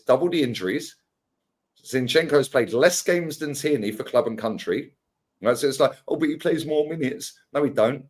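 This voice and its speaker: A man with a London accent arguing heatedly on a football panel, firing rhetorical questions and mocking the other side by repeating them. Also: medium pitch. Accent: London English.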